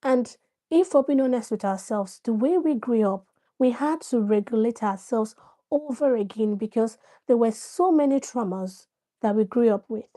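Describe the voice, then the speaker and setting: A woman hosts a casual live stream offering parenting advice, chatting with viewers, greeting them by name and explaining her points with examples. Her voice is fairly high and warm, at a normal speed.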